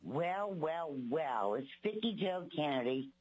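A woman's voice: low-pitched, very animated, a little slow, darkish tone, breathy edge, highs cut off. An older woman from Alaska giving blunt, exasperated public testimony, mocking the legislators she criticizes.

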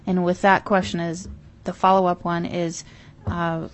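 A woman's voice: on the low side, flat delivery, unhurried. Hesitant woman legislator asking questions. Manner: hesitant, restarts questions while thinking. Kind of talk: committee questioning.

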